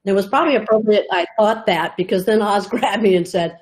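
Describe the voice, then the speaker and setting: A woman in her sixties, a retired astronaut, telling stories and asking questions in a relaxed conversational interview, laughing easily. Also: mid-range voice, brisk. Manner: reflective storytelling, laughs easily.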